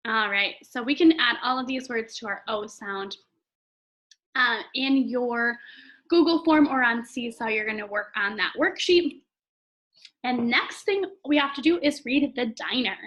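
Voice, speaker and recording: A woman's voice: fairly high pitch, pushed and bright, low-quality recording. A woman teacher giving a recorded phonics lesson to young children, friendly and chatty, stretching out example words. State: throat tickle, clears throat often. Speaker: elementary school teacher.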